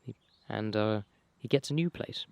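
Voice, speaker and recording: Young guy, casual storyteller, swears, restarts a lot, lowish voice, dry close sound, losing his voice. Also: moderate pace, gravelly, a little mellow, no room sound. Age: young adult. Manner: rambling, swears casually, many fillers and restarts. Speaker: vlogger.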